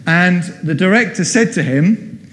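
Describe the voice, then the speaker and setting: A fairly high-pitched man gives a sermon, speaking casually and throwing questions out to his listeners. His voice rings with a long reverb, as if recorded in a large church hall. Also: animated, unhurried, a bit bright. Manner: chatty, quizzing the congregation. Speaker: preacher.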